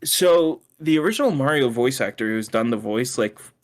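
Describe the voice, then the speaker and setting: A man co-hosting a podcast, chatting casually and excitably, swearing and laughing often. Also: mid-range voice, normal speed. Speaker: podcast co-host. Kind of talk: casual chat.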